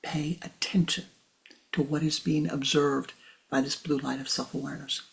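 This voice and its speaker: A woman spiritual teacher giving a slow guided teaching in a soft, measured voice that often drops to a hushed whisper. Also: deep voice, steady tone, vocal fry, husky.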